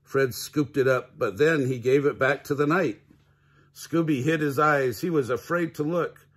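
A man's voice: medium pitch, a little slow, slightly rough. An older man reading a children's picture book aloud, chuckling often between lines. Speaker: grandfather reading to kids.

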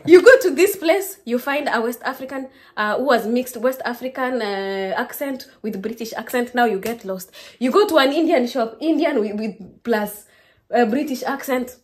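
A young Kenyan woman with a Kenyan accent, chatting to her viewers in a lively, casual vlog. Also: fairly high pitch, moderate pace. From Kenya, Kisii. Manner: lively, keeps addressing viewers as guys. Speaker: vlogger.

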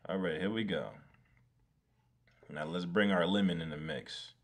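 A man with a deep voice, speaking a little slowly, live-streams his design work while talking to himself. He swears freely and laughs whenever things go wrong in this casual commentary.

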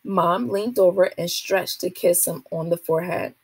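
A woman, a teacher, reading a children's novel aloud to a class in a steady, expressive way. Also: fairly low pitch, normal speed, slightly rough, dry recording.

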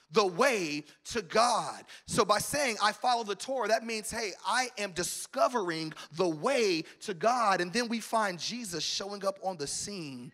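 A male pastor delivers a sermon in a church, his voice pitched high and sounding bright and forceful. He swells to emphatic peaks and calls out to the congregation as he preaches. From American South. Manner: preaching with call-outs and rising emphasis. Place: church auditorium.

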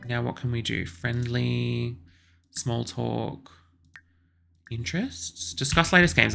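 A woman's voice: a bass voice, vocal fry, a bit bright. A woman giving let's play commentary, exasperated and bossing her game characters around as she talks to herself. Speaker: gaming channel host.

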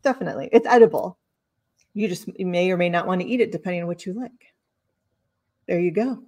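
A woman's voice: fairly low pitch, a little fast, mellow. A woman hosting a casual cheese tasting chat, explaining each cheese with many fillers and self-corrections. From lives in Sicily. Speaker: cheese box host.

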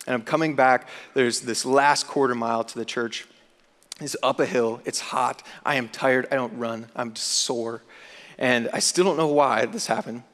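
A man's voice: medium pitch, normal speed. Young man telling a story in a reverberant chapel. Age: young adult. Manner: animated storyteller, acts out his own panic. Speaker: student chaplain. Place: large university chapel. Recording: long hall reverb.

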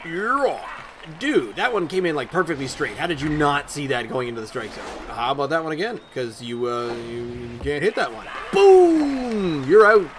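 A man giving chatty, excitable let's-play commentary and talking back at the game as he plays. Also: fairly high pitch, normal speed. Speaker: gaming YouTuber. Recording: loud game crowd and ambient noise behind the voice.

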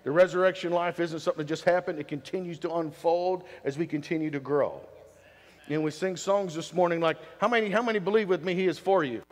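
High-voiced pastor in a reverberant church. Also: male voice, fast talker. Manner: lively, preachy delivery with repeated rhetorical questions to the congregation. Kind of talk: sermon. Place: church sanctuary. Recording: long hall reverb in a church.

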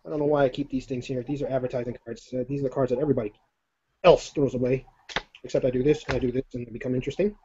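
A man doing a live card-magic demonstration on a video call, talking in a jokey, excitable, rambling way with self-deprecating asides. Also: mid-range voice, very fast, a little hiss or hum. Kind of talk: chatty live-stream demonstration. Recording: dull lo-fi stream audio.

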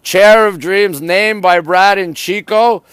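Chatty high-voiced New man livestreaming. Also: takes it slowly, fairly bright tone, smooth, no room sound, low-quality recording. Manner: chatty, greets viewers and reads comments. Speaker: livestream host. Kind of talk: live-streamed city tour chat.

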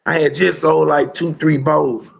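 A man's voice: fairly high pitch, flat delivery, a little slow, vocal fry. A man telling a rambling street story in casual slang, with lots of "bro" and "you hear me" along the way. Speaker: storyteller guest.

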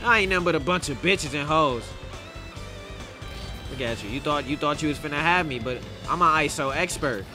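A young man streaming a game, chatting casually and yelling at his teammates. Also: on the high side, brisk, over music. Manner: trash-talking, breaks into loud yelling at teammates. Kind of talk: casual gameplay commentary.

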